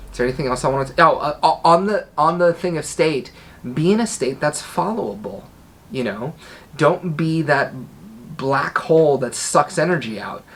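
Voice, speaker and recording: A man's voice: mid-range voice, a bit bright, breathy edge. A man teaching a class on persuasion. He demonstrates vocal tones, letting his voice drop on each command. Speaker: NLP trainer. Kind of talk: instructional talk to camera.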